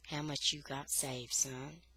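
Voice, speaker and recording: A woman reading aloud, voicing a kind, steady father with a slow, gentle way of talking. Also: a bass voice, husky, voice pushed down, full character voice.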